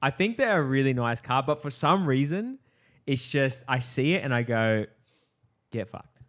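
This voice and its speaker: A man's voice: mid-range voice, animated, moderate pace, fairly bright tone. A man hosting a podcast, chatting casually with friends, laughing often and swearing freely. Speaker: podcast host. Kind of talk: casual chat.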